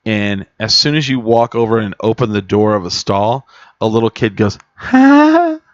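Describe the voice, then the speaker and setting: A man co-hosting a casual comedy talk show, telling animated stories. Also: lowish voice, normal speed, no echo, dull audio. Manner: animated storyteller, loud acted screams. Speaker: podcast co-host.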